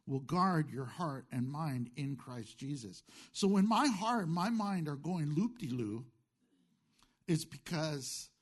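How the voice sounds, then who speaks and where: A pastor with a voice that sits high fires questions at his congregation during a sermon and answers them himself, throwing in jokey asides.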